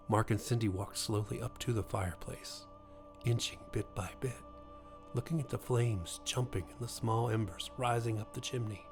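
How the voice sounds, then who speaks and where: A man reading a scripted ghost story in a slow, steady storytelling manner. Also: fairly low pitch, vocal fry, over music. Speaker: narrator.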